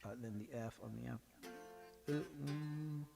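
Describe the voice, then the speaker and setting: A man's voice: fairly high pitch, unhurried, vocal fry, over music. A man hosting a livestream from his home studio, casually talking to himself and swearing now and then while he works on a song. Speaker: music producer and livestream host. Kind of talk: casual thinking aloud while producing. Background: loud playback of his own song.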